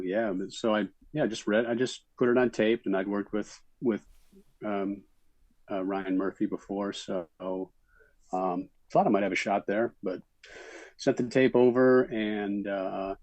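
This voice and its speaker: A middle-aged man from Minnesota, a guest actor, telling stories in a relaxed interview chat with many fillers. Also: sits low, normal speed, dry recording, low-quality recording.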